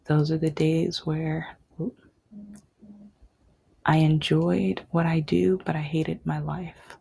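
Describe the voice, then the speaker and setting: A woman's voice: sits low, flat delivery, slow pace, creaky, pauses often, a little mellow, breathy edge. A young woman telling a personal story, rambling with restarts and dropping to a whisper at tender moments. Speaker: vlogger.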